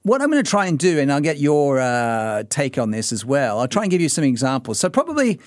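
A man's voice: medium pitch, wildly swooping pitch, fairly quick, no echo, clean studio sound. A man with an Australian accent hosting a casual radio chat, explaining things with lots of fillers and restarts. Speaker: radio host. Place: radio studio. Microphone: studio microphone.

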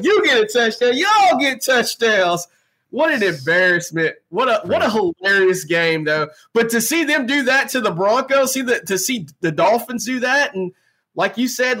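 A man's voice: very high voice, sharp tone. A man co-hosting a casual sports podcast, joking around with frequent restarts. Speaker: podcast co-host.

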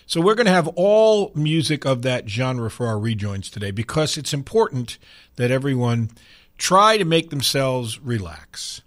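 Folksy older man hosting sports radio. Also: mid-range voice. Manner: folksy, rambling, mock-angry rants. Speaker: radio sports talk host. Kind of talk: casual sports radio talk. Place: radio studio.

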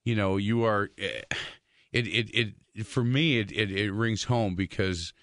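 A man hosting a talk show, speaking earnestly in a halting way after a guest's testimony. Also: lowish voice, a bit bright, no echo, clean studio sound. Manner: halting, earnest, full of fillers and restarts. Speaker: radio show host.

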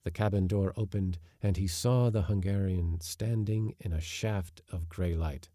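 Man, low mellow voice, measured storytelling, audiobook narration, dry close sound. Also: no echo.

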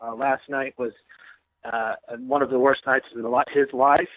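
A man's voice: medium pitch, level tone, normal speed, no echo. A man who is a sports columnist, telling jokey stories in casual podcast chat over the phone. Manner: boisterous, joking storyteller. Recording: tinny phone line.

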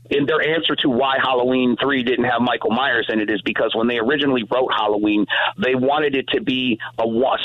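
A man in casual chat about horror movies and music, rambling, animated and swearing freely. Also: medium pitch, dry recording, narrow, tinny audio.

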